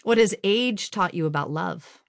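A woman host with a lowish voice who keeps gently prompting her guest and reads out questions from cards. Her intonation is lively and expressive, and her voice sounds dry and close to the microphone. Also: moderate pace, gravelly, no room sound. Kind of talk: interview conversation with question cards.

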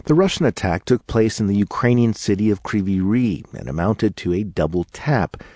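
A man reporting from abroad as a foreign correspondent, in a steady, measured scripted delivery. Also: on the low side, no echo, clean studio sound.

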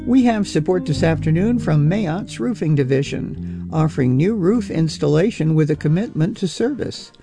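A man reading a station sponsor announcement with a slow, steady delivery. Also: on the high side, vocal fry, music in the background.

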